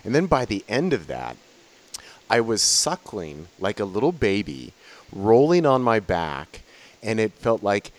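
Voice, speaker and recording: Deep-voiced man, earnest storytelling. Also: sing-song, a little slow. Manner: earnest, emotionally open recounting. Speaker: psychedelic facilitator. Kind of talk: personal storytelling in conversation.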